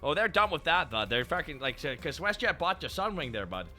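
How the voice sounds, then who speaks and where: A man's voice: on the high side, sing-song, a little fast, bright, forceful tone, soft background music. A man streaming casual comedic chat, swearing and joking, and tacking on "bud" all the time. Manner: swearing, jokey, tacks on "bud" constantly.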